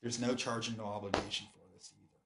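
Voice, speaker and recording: A man's voice: fairly low pitch, little pitch movement, fast talker, noisy background. A man from the United States, a wedding photographer, giving an earnest, persuasive promotional talk with frequent restarts. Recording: roomy echo.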